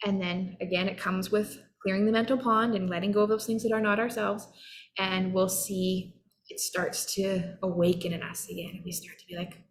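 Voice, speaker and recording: An earnest, encouraging woman in her thirties speaks as a self-help coach. Her middling voice carries a gravelly, creaky texture. She talks straight to the listener in a motivational style. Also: medium pitch, fairly even intonation, normal speed. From Canada. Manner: earnest, encouraging, acts out short quoted voices. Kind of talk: motivational talk.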